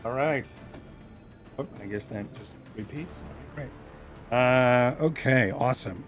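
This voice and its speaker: A man's voice: mid-range voice, slow, faint music behind. A man running a tabletop game as game master, talking in a laid-back, hesitant way.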